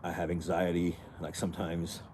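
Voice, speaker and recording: A man from France with a light French accent, chatting casually with viewers in a halting, rambling way, sitting outdoors in the cold after a workout. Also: sits low, monotone, darkish tone, a little hiss or hum. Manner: rambling, halting, many restarts and fillers. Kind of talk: casual livestream chat with viewers.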